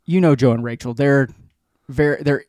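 A man in his forties telling a long rambling story in casual chat, animated and profane, as a podcast co-host. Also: mid-range voice, moderate pace, dry recording, clean studio sound.

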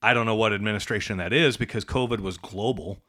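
Speaking fast in a fairly low, sharp-toned voice, a middle-aged man co-hosts a casual podcast about business. He coaches trades businesses and talks with emphasis in a conversational way, punctuating points with a rhetorical "right?"

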